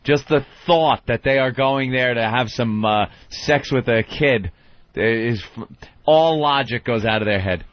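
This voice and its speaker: A man's voice: medium pitch, measured pace, no room sound. A man co-hosting a talk radio show, joking crudely and mocking people in silly voices. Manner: mocking, mimics chat messages in silly voices. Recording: dull radio broadcast audio.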